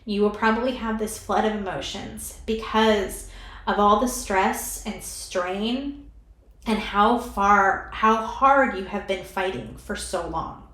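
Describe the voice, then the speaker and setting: A woman reads tarot cards for her viewers, talking slowly and gently as she speaks straight to them. She sounds emotional and close to tears. Her voice carries a noticeable room echo. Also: medium pitch. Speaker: tarot card reader. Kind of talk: pick-a-card tarot reading.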